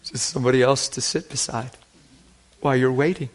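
A man preaching a sermon, telling stories in an animated way that swings from hushed to loud. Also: medium pitch, fairly quick. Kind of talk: sermon storytelling.

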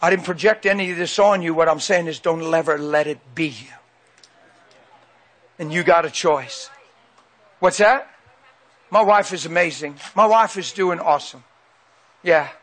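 A man's voice: a little high, normal speed, pauses often, fairly bright tone. A man preaching a sermon into a handheld mic, emphatic and repeating phrases for weight.

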